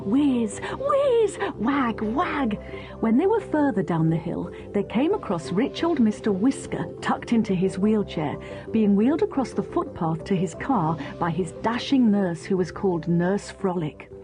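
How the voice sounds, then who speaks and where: A woman narrating a children's storybook in a lively, expressive way. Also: mid-range voice, moderate pace, music in the background. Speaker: audiobook narrator.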